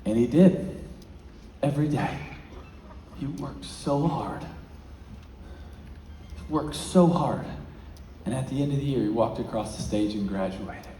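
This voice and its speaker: A man giving a motivational talk as a featured speaker, telling a story and swinging between hushed and loud, excited passages. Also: mid-range voice, unhurried, long pauses, a little hiss or hum. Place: large event hall. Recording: echoey hall.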